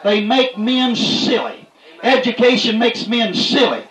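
A high-pitched man preaching a fiery country sermon. He talks in a plain folksy way, keeps coming back to the same affirmations and climbs to shouts when he drives a point home. The room rings with echo around him. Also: lively intonation, a little slow. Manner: folksy, repeats "that's right", rises to shouts.

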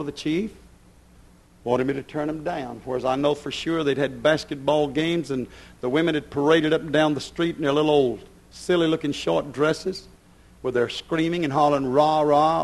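A man preaching a fiery sermon, swinging between thundering shouts and low, intense passages.

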